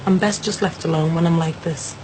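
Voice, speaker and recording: A woman's voice: sits low, fairly even intonation, fairly quick, noisy background, lightly acted. An actress playing a withdrawn woman who curtly brushes off her sister. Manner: curt, dismissive, snapping.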